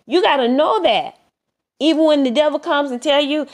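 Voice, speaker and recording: Woman preacher with a slightly high voice, delivering an earnest, repetitive sermon. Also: normal speed. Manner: earnest, repetitive exhortation with many restarts.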